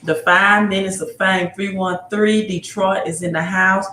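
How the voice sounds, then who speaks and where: A woman's voice: mid-range voice, steady tone, a little slow, sharp tone, slight background noise. A woman hosts a casual livestream, talking straight to her viewers with loose, rambling delivery and rhetorical questions. She greets people one by one and circles back to her point. Her voice rings with the echo of a bare room. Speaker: livestream host giving financial advice. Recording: roomy echo.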